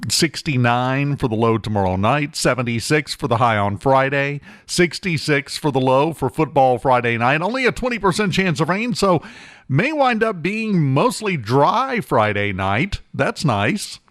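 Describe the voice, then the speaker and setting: A man's voice: medium pitch, animated, a little slow, fairly bright tone, no room sound, studio quality. A male morning radio talk show host, running through the weather with wry, joking asides. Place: radio studio. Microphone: close studio mic.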